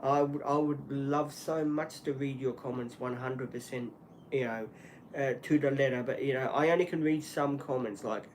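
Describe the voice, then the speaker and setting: A man hosting a solo livestream, talking earnestly and apologetically in halting speech with many restarts and fillers. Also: medium pitch, steady tone, slight background noise. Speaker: channel host.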